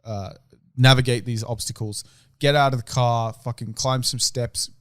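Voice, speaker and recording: A young man in casual podcast chat, rambling and sweary, with his voice sinking at the ends of phrases. His pitch sits in the middle, and the sound is close and dry with no room around it. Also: steady tone, normal speed, no room sound. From Australia. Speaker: podcast co-host.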